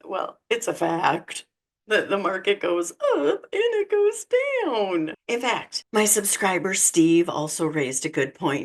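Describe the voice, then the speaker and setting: A woman hosting a reaction commentary, exasperated and sarcastic, swinging between loud outbursts and quiet remarks. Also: medium pitch. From United States. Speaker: channel host reacting to clips.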